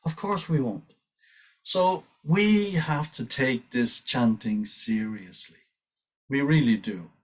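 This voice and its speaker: A man leads a devotional scripture class in an earnest, urging tone. His husky voice sits a little back from the microphone. He keeps restarting his sentences and lets small laughs slip in. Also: mid-range voice, expressive, slow pace, recorded from a distance. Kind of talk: reflective scripture class talk.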